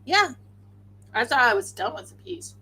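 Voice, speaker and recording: A tired woman hosting a crafting livestream, chatting casually and excitably, often talking to herself as she works. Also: sits high, normal speed, slightly rough, low-quality recording. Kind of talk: casual chat while crafting.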